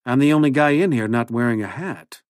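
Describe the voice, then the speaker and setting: A man's voice: mid-range voice, expressive, brisk, no room sound, studio quality, natural voice. A man reading a genial off-duty priest. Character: friendly middle-aged male priest off duty.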